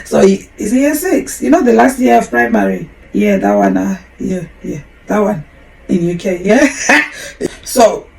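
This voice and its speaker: Woman in her forties, podcast host, gravelly fry, candid rambling personal story time. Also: mid-range voice, huge pitch swings, measured pace, darkish tone, rough recording. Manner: candid, emotional, rambling with restarts.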